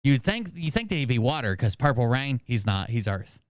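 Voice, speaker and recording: A man hosting a commentary show, making sarcastic, crude, deadpan jokes about a clip. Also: mid-range voice, a little fast, no room sound, studio quality. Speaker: commentary host. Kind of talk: mocking commentary.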